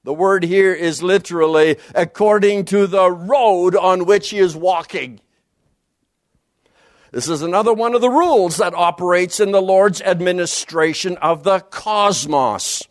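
A man giving an expository Bible lecture, emphatic and animated, dropping low and quiet to stress key words and reading scripture passages aloud quickly. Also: dry recording, studio quality. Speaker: Bible teacher.

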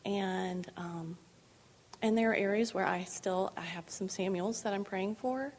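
A middle-aged woman telling her own faith story in a candid, conversational way. She is earnest, often laughs, and at times drops into a hushed voice. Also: mid-range voice, measured pace, a little hiss or hum.

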